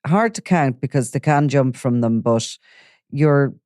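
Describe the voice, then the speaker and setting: A man's voice: mid-range voice, animated, unhurried, darkish tone, dry recording, studio quality. A man, hosting a podcast and summarizing the case before asking his guest questions. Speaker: podcast host. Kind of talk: podcast discussion.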